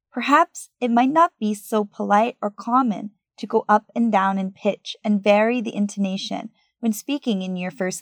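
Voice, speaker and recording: A woman coaching English learners, giving a scripted, clear, evenly paced lesson narration. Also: mid-range voice, no echo, clean studio sound.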